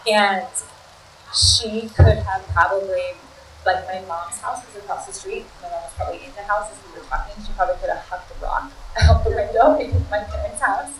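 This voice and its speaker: A woman in her thirties telling a personal story to a crowd, chatty and animated and forever saying "like". Her voice sits at an ordinary middle pitch. It is caught from some distance in a roomy, echoing space with a faint hum of ambience behind her. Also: moderate pace. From United States (Maryland). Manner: chatty, animated, heavy use of "like".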